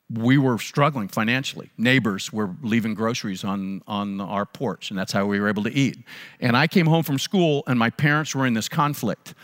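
A man, a pastor, preaching a sermon and telling a personal story earnestly, repeating phrases for emphasis. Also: on the low side. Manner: earnest, repetitive emphasis, frequent restarts. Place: church sanctuary. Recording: long reverb of a large hall.

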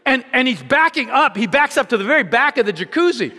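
Animated preacher in an echoing hall. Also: male voice, very high voice, quick pace, few pauses. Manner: animated storyteller with rhetorical questions. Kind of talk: sermon with a personal story.

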